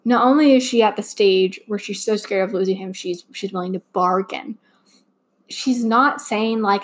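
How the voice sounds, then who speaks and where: A woman's voice: mid-range voice, steady tone, moderate pace. Rambling young woman podcaster, heartfelt. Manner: rambling, heartfelt, many fillers and restarts. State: slightly choked up. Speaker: podcast host. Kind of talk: casual fan podcast monologue.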